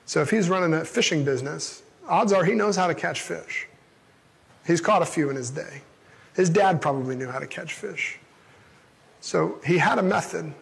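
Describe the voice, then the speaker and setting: A man's voice: a little high, normal speed, creaky, breathy edge. A man preaching a casual, conversational sermon into an amplified microphone, reading a Bible passage and then retelling it in everyday words. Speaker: pastor. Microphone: amplified through a sound system. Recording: long reverb in a large hall.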